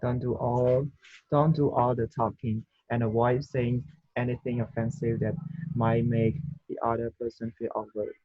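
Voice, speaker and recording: Husky male student reading aloud. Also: mid-range voice, little pitch movement, normal speed, no room sound, phone-quality sound. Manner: careful reading with small restarts. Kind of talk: reading a text aloud in class. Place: video call.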